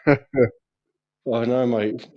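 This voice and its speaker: Speaking slowly at a medium pitch with fairly even intonation, a man co-hosts a casual podcast, telling giggly, heavily sworn stories. The recording is muffled.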